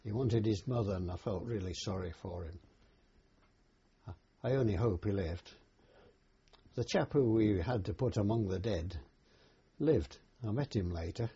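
Older man, veteran, oral history, dark mellow tone, very husky, hesitant storytelling. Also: fairly low pitch. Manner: plain unhurried storytelling with hesitations. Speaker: war veteran recalling service. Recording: dull lo-fi recording.

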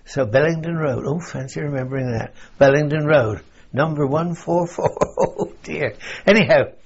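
A man's voice: a little high, normal speed, creaky, husky. An older man from England, telling wartime memories in a rambling oral-history interview, chuckling and saying "you see" as he goes. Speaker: veteran interviewee. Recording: dull lo-fi recording.

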